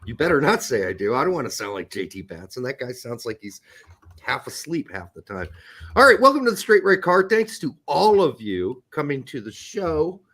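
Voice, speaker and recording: A man's voice: mid-range voice, sing-song, normal speed, a bit bright. A man hosting a podcast, trading crude, profane jokes and laughing often in casual banter. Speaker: podcast host.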